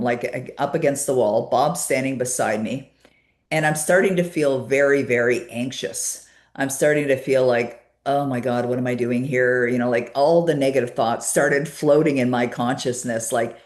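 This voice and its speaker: A woman guest in an interview, telling a personal story with many fillers and a lively retelling of conversations. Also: very deep voice, moderate pace, echoey room.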